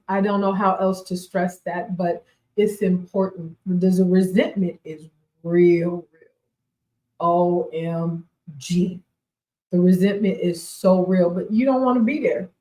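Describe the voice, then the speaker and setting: A woman's voice: lowish voice, measured pace, mellow, echoey room, rough recording. A woman in her forties hosting a radio show, giving casual motivational talk, emphatic and repeating herself, laughing often. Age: 40s.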